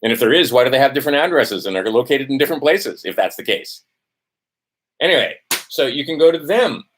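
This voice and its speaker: Here a man speaks at medium pitch, animated and brisk, in a heated monologue to camera as a vlogger. Testy and foul-mouthed, he swears constantly, repeats "right?" over and over, and keeps losing track of his notes.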